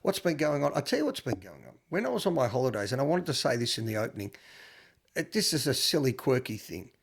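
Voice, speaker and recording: Gravelly Australian man telling stories. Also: medium pitch, quick pace. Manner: animated storytelling, stammering restarts. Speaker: podcast co-host. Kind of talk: casual chat.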